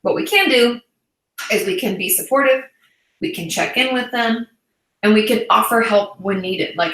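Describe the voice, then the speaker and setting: Bright-voiced chatty woman therapist. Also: fairly high pitch, normal speed, reverberant, rough recording. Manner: chatty and reassuring, many "um"s and "like"s. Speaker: therapist and channel host. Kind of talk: casual livestream chat answering viewer questions.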